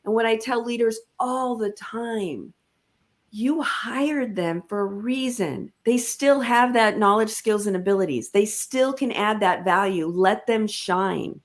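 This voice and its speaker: An emphatic woman speaks in a relaxed interview, coaching her listeners on leadership. Her delivery is punchy and direct. She breaks into lively asides to drive her points home. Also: fairly high pitch, unhurried. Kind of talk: conversational interview about leadership.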